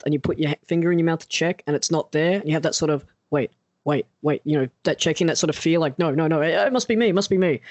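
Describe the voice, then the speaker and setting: A man telling a personal story in casual chat as a podcast co-host, animated and acting out the people he quotes. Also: on the high side, dry recording. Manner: animated, acts out quoted voices.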